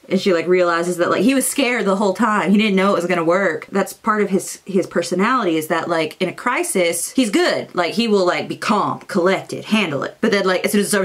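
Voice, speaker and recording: A young woman casually summarizing a novel's plot, chatty and acting out characters in quick asides. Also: on the low side. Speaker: booktuber.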